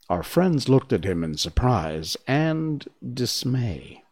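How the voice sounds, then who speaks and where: A man reading a storybook aloud as narrator, unhurried and expressive. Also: medium pitch, husky.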